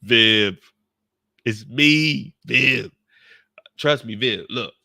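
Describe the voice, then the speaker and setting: A rowdy tipsy woman, loud-mouthed and pushy, spoiling for a brawl, as a man puts her on for a comic video recap. Her voice rings bright and close, with no room around it. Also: on the high side, big pitch swings, moderate pace, gravelly, no room sound, full character voice. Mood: pleading. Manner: brash, pushy, profane. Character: rowdy tipsy grown woman itching for a fight.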